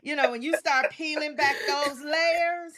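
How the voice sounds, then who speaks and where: A woman's voice: high-pitched, steady tone, a little slow, a crowd in the background. A woman in her forties hosting a casual chat, affirming her guest with frequent murmurs of agreement. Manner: warm affirming, many listening murmurs.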